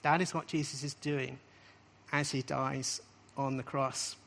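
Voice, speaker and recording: This preacher's voice is medium-pitched, creaky, and fairly bright, with a flat, unhurried delivery. Teaching scripture to a live group, he stresses his points emphatically, repeats key phrases, and often ends them with a rising question.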